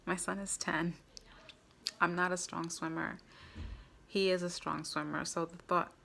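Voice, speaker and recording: A woman's voice: lowish voice, creaky, fairly bright tone, a little hiss or hum. A woman vlogger earnestly recounting a personal story to camera, with frequent fillers.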